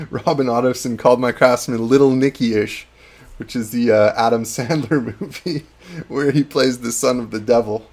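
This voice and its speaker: Gravelly man chatting on a live stream. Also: mid-range voice, moderate pace, a little mellow. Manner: chatty, self-deprecating, laughs often. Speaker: host. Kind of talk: casual chat on a live painting stream.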